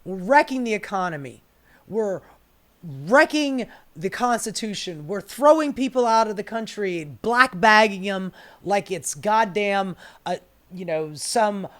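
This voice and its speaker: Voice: mid-range voice, a bit bright. A political commentator ranting sarcastically and profanely, with exasperated rhetorical questions.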